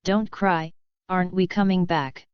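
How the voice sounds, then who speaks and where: A proud, gruff alien warrior prince, voiced by a woman narrator speaks in a smooth, lowish tone. The lines come evenly, with little change from the narration. The recording is dry and a little dull. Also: steady tone, a little slow, no echo, close to an everyday voice. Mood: coaxing.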